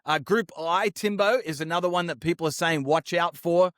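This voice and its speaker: A man's voice: on the high side, normal speed, fairly bright tone, clear, resonant tone, dry recording, clean studio sound. A man co-hosting a sports podcast, chatting upbeat and slangy about the week's games. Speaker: podcast co-host. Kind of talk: casual sports chat.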